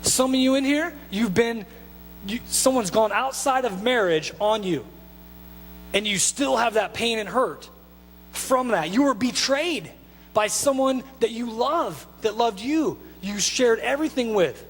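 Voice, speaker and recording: A male pastor with a high voice delivers a casual, animated sermon full of asides and quick restarts. His voice rings out through a reverberant church hall, with a faint mains hum underneath. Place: church sanctuary.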